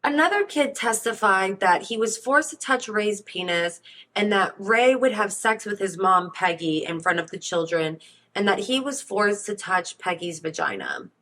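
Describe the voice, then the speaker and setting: A woman's voice: medium pitch, expressive, normal speed, fairly bright tone, low-quality recording. A woman podcast host narrating a court case in a casual, conversational way, reading from transcripts.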